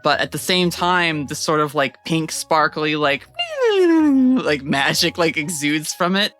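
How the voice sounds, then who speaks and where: Woman game master, bright tone, casual giggly narrating, faint music under. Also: sits low, steady tone, measured pace. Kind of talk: narrating a tabletop role-playing game.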